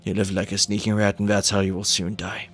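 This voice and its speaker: Grim grieving father, low and hushed, voiced by a man. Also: level tone, fairly quick, faint music behind, natural voice. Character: grim grieving middle-aged male father.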